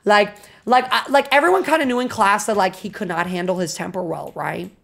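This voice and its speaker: A young woman streamer telling a story to her chat, animated and full of swearing and fillers. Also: medium pitch, brisk, creaky. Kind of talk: casual storytelling to a live chat.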